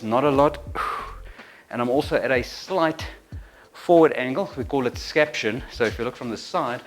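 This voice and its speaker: A middle-aged man coaching an exercise routine, counting reps and breathing audibly, a little out of breath during the sets. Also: mid-range voice. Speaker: fitness instructor. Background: faint music.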